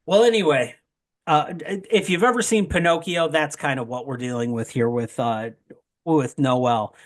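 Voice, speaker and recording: A man's voice: fairly high pitch, moderate pace. A young man talking in a casual podcast chat, rambling with joking asides and plenty of fillers. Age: young adult. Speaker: wrestling promoter guest.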